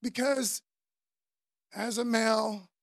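A man, preaching a sermon in a loose, conversational way, often tagging lines with "man" and dropping from loud to soft. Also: very high-pitched, steady tone, takes it slowly, vocal fry, no room sound, clean studio sound. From Florida, US. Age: 50s. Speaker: pastor.

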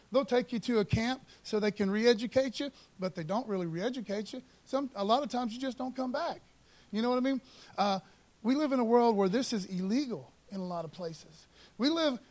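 A man preaching with fervor, his voice sitting noticeably high. He keeps the tone casual and punchy, tossing in "man" and calls for an amen between lines. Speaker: pastor. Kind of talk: sermon.

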